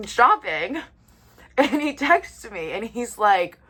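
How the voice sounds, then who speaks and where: A young woman in her twenties telling a story to the camera in a casual, chatty way, full of "like" and pausing to eat. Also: on the high side, very animated, bright, forceful tone, slightly rough. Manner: chatty, lots of "like", eating while talking. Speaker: vlogger.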